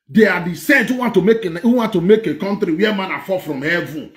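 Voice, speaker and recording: Reacting to political clips, a Nigerian-accented man blends Pidgin and English, laughing a lot in an excited, mocking commentary. He talks briskly with a high-pitched voice, and the sound is roomy.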